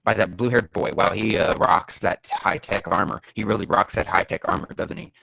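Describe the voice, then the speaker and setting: A man reading bad fanfiction aloud for comedy, sarcastic and swearing, breaking off into loud bursts of disbelief. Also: low voice, steady tone, normal speed, low-quality recording. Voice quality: gravelly.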